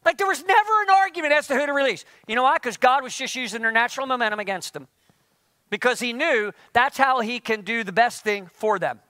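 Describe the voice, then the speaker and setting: A male pastor with a strikingly high, bright, forceful voice preaches a sermon. He keeps throwing rhetorical questions at the congregation in an animated way. The sound is dry and close. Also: fairly quick, dry recording.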